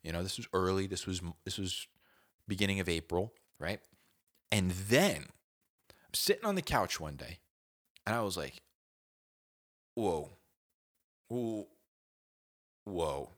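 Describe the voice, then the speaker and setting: A man in his thirties tells a comic story with a lively, swooping delivery. His voice is fairly low but bright and forceful. He acts out his own groans and quoted lines, peppering them with "dude.". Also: moderate pace, pauses often.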